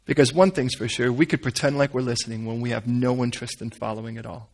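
A man preaching a sermon, reading scripture and breaking off into animated, joking, conversational asides. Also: mid-range voice, quick pace. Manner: animated, conversational, full of asides and playful jokes. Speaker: pastor.

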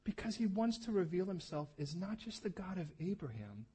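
A man preaching a lively, humorous sermon, often acting out the voices in the stories he tells. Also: sits high, brisk, slightly rough. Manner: animated, humorous, acts out voices.

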